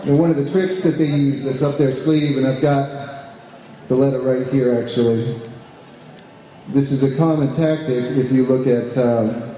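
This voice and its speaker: A man's voice: mid-range voice, steady tone, unhurried. A man giving a speech to a live audience as an advocacy group's deputy director, with many fillers and restarts, often asking the room questions. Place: large echoey room with an audience. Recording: roomy hall reverb, faint background noise.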